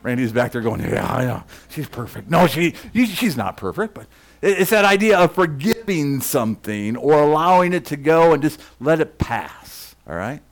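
A male pastor giving a sermon in a lively, conversational way. His voice sits a little high for a man and swings widely in pitch as he reads scripture aloud. He keeps dropping into friendly asides to the congregation.

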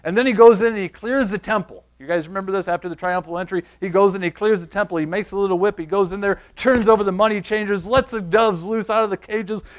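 Guy preaching a sermon, kinda high voice, chatty and emphatic, keeps repeating himself and quizzing the crowd. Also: fairly even intonation, fast talker, hardly any pauses. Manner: conversational, emphatic, repeats key phrases, quizzes the congregation. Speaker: pastor.

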